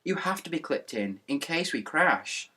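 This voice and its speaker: A man's voice: fairly high pitch, expressive, unhurried, sharp tone, slightly rough, voice pushed up, full character voice. A man voicing an anxious young boy who keeps asking worried questions in a children's story.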